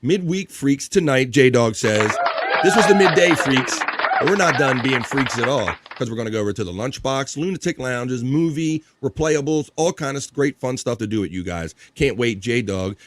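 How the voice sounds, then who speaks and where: A man's voice: medium pitch, animated, fairly quick, hardly any pauses, slight background noise. A man hosting a livestream, chatting upbeat with guests and reading out viewer messages with thanks. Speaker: livestream host. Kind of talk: casual chat, reading chat messages.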